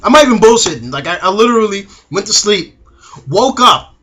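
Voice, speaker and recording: A man's voice: high voice, expressive, brisk, fairly bright tone. A young man reviewing a TV episode in a casual, slangy way, acting out the characters' lines.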